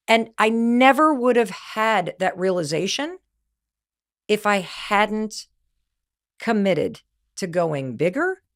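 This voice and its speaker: A woman's voice: medium pitch, a bit bright. A middle-aged woman giving a motivational talk, candid and emphatic, telling stories and acting out what people said. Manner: candid, emphatic storytelling with quoted voices. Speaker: podcast host and speaker.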